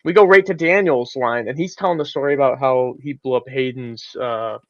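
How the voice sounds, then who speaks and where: A man in a casual chat, retelling convention events in a quick, stumbling way. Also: mid-range voice, dull audio.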